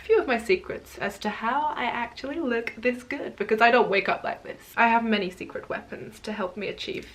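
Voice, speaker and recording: A woman's voice: a little high, fairly quick, few pauses, fairly bright tone, close to an everyday voice. A woman voicing a vain, boastful superheroine in a put-on accent, playful and showy.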